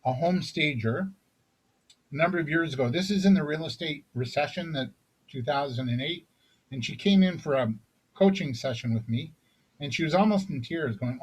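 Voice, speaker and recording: A man's voice: on the high side, expressive, normal speed, breathy edge, low-quality recording. A man giving a business coaching talk on selling, conversational, often checking in with "right?" and restarting phrases. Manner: conversational, frequent "right?" tag questions and restarts. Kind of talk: recorded sales seminar talk.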